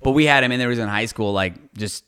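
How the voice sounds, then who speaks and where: A man, a lawyer, telling stories from his career in a casual, animated interview and swearing casually. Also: mid-range voice, quick pace, clean tone. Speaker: guest, lawyer.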